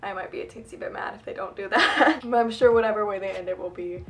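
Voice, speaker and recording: A woman's voice: mid-range voice, fast. A woman chatting casually on her fan channel vlog in a bubbly, emotional way, laughing often and using lots of fillers. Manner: lots of fillers and self-corrections.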